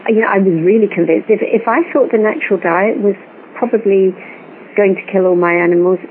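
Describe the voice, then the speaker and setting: A woman guest telling a long personal story in an animated way, recorded over a phone line. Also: mid-range voice, a little fast. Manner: animated storytelling, acts out quoted voices. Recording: tinny phone line with faint hiss.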